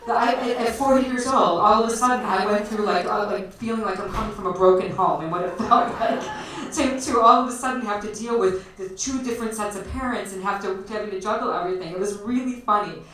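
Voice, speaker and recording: Telling a personal story on stage at a bar's storytelling night, this Chicago-area woman talks briskly with hardly any pauses, her mid-range voice a bit bright. She's chatty, laughs a lot, and fills her speech with fillers. The sound is echoey and distant-miked, with faint noise.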